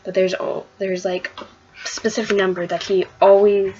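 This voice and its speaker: A woman sits recapping a comic book issue for her vlog, her talk loose and rambling with many fillers and restarts. She gushes as she goes, her voice at an everyday mid pitch. The sound is slightly dull and lo-fi, with a faint hiss underneath. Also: flat delivery, normal speed, warm tone.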